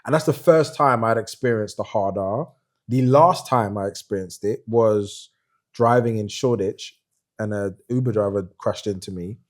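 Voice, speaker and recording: Middle-aged guy hosting a podcast, lively storyteller, does little voices for people he quotes. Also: fairly low pitch, moderate pace. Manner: animated storyteller who puts on voices when quoting people. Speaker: podcast host. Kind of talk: casual chat.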